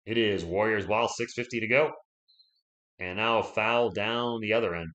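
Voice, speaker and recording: A man hosting a live stream, giving casual play-by-play commentary, chatty and excitable, and talking straight to his viewers. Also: fairly low pitch, normal speed, muffled recording. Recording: echoey room.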